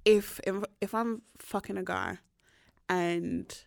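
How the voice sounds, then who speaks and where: A woman's voice: medium pitch, very animated, slow, creaky, no echo. A woman co-hosting a podcast, talking frankly and at ease in casual chat. She reads out bits of research in the same easygoing, chatty way. The recording is dry and close, with no room sound. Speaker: podcast co-host.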